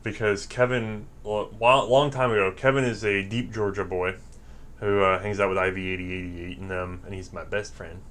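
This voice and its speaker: A man from the American South with a fairly low voice, swapping stories in an easygoing chat. He is animated, acts out what people said and laughs a lot as he goes. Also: normal speed. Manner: animated storyteller acting out quotes, laughing often. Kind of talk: casual storytelling chat.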